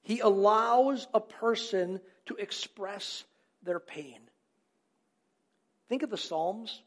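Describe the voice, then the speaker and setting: High-voiced man preaching earnestly. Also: takes it slowly. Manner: asks rhetorical questions and answers them; earnest, repeats key phrases for emphasis. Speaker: pastor. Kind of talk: sermon.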